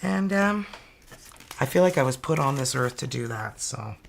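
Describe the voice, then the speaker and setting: A woman's voice: rumbling low, expressive, moderate pace, gravelly, slight background noise. A woman in her fifties giving chatty, upbeat tarot readings on a live stream. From Canada. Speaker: tarot reader.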